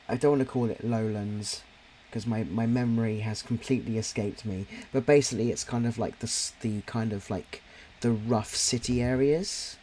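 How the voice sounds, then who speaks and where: A man's voice: lowish voice, darkish tone, a little hiss or hum. A man with a slight Cockney accent from near London, chatting casually on a live drawing stream, rambling with lots of fillers and restarts. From near London, England. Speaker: stream co-host and podcast writer.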